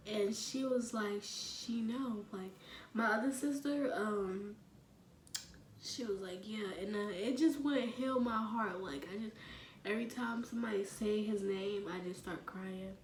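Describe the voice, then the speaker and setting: Slow, halting young woman in echoey room. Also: mid-range voice, far from the mic. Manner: halting, full of fillers, drops to near whisper. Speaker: vlogger. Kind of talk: emotional personal storytelling. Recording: echoey room with faint ambient noise.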